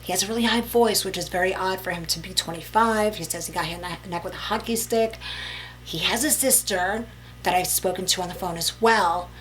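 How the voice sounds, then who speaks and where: A woman's voice: lowish voice, fairly quick, a bit bright, a little hiss or hum, rough recording. A young woman telling a story in a casual vlog, emphatic and chatty, with many fillers.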